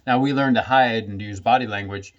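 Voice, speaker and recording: Animated man talking about healing. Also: lowish voice, a little fast, highs cut off. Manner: animated, laughs between phrases. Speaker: somatic healing practitioner. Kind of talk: casual talk to camera.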